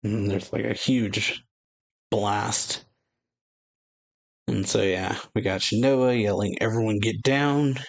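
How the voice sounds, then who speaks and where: A man hosting an anime reaction channel, casually recapping a manga chapter, rambling with many fillers and reading the characters' lines in a flat voice. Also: lowish voice, slow pace, gravelly, pauses often.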